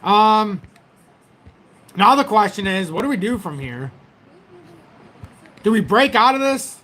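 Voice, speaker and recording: High-voiced chatty male livestream host. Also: expressive, slow, bright, forceful tone. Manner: rambling, chatty, talks straight to viewers. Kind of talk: casual livestream market commentary. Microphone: tablet built-in mic.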